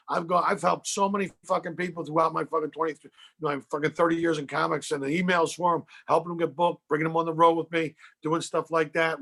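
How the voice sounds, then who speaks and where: A man's voice: fairly high pitch, creaky, fairly bright tone. A middle-aged man from Philadelphia, a comedian, rambling through profane rants in a podcast conversation. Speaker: comedian guest.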